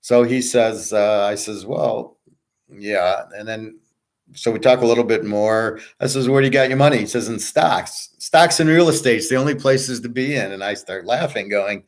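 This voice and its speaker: A man's voice: medium pitch, moderate pace. A middle-aged man ranting casually as a sports-picks host, blunt, boastful and profane, rambling from one point to the next. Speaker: sports betting tipster and host.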